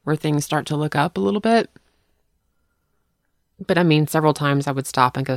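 A woman's voice: low-pitched, steady tone, unhurried, pauses often, no echo, clean studio sound. A woman co-hosting a casual chat, telling rambling, self-deprecating stories. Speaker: podcast co-host.

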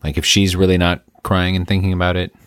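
A man with an extremely deep voice hosts a casual conversation, recorded dry and close. He listens with sympathy and asks gentle follow-up questions. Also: completely flat delivery, fast talker, clear, resonant tone, no echo.

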